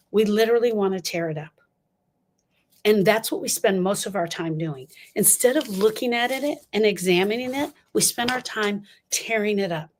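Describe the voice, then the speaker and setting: A woman's voice: medium pitch, background noise. An older woman giving an impassioned talk on grief, emphatic and repeating lines for stress as she speaks straight to her listeners.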